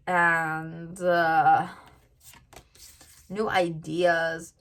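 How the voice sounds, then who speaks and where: A woman's voice: on the low side, measured pace, fairly bright tone. A woman giving a casual tarot reading to viewers, chatty and full of "like" fillers. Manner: chatty, lots of "like" fillers, addresses viewers directly. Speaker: tarot reader.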